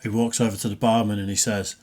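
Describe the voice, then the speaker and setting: A man's voice: lowish voice, flat delivery, fast talker, a little mellow. A man co-hosting a reaction video, making dry, blunt remarks in casual chat. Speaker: reaction channel co-host.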